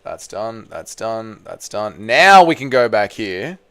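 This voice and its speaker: A man's voice: on the low side, very animated, slow, fairly bright tone, clear, resonant tone. A man hosting a casual livestream, reading viewer messages aloud with loose banter and muttering to himself while he works the computer. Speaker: livestream host.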